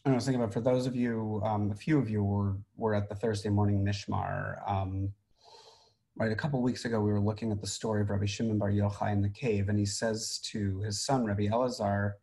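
A man's voice: lowish voice, level tone, fairly quick, dark tone. Chatty rabbi, man, teaching with many fillers. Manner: conversational, many fillers and restarts. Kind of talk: informal Torah teaching.

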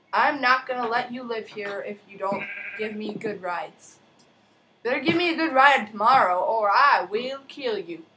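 A woman chatting excitably through casual gameplay commentary, sing-song and fond of mild cursing. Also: fairly high pitch, a little hiss or hum. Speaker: gamer.

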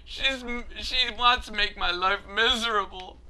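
A man's voice: high voice, measured pace, bright, forceful tone. A man commentating his own gameplay, getting frustrated, laughing and cursing at failed jumps. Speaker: let's play gamer.

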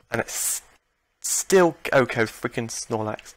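A young man commentates on his game in an exasperated, ranting way, sighing and swearing as things go wrong. His voice sits at an ordinary middle pitch. The recording is close and dry, with no room sound. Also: measured pace, fairly bright tone, no echo. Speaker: let's play gamer.

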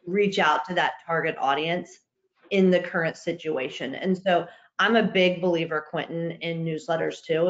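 A woman on a webinar panel giving earnest healthcare marketing advice, often restarting her sentences. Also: on the low side. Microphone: video call. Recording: dull roomy video call audio.

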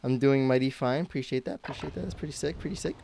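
A man's voice: mid-range voice, fast talker, vocal fry, background noise. A young man from the United States chatting casually while live-streaming games, rambling and self-mocking. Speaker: game streamer.

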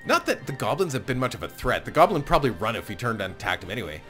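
A man's voice: mid-range voice, very animated, rapid-fire, a bit bright, faint music behind. A man hosting a let's-play, chatty and self-mocking, often apologizing and laughing as he plays. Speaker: gaming channel host. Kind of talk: casual let's-play commentary.

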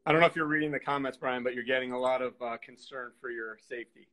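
A man's voice: mid-range voice, fairly even intonation, fast, bright, forceful tone, poor audio. A man hosting a live video chat in an easygoing, teasing way. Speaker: host. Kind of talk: casual live-stream chat. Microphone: video call.

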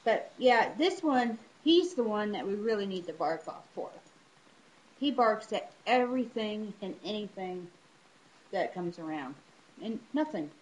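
A woman in a casual home video, chatting about her pets and calling them in a high voice. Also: animated, measured pace, rough recording. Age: adult. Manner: chatty, pitches up high to call her dogs. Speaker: dog owner vlogger.

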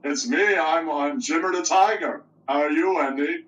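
A man voicing an eager male tiger puppet who talks loudly and keeps repeating himself. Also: fairly high pitch, moderate pace, echoey room, recorded from a distance, natural voice, low-quality recording.

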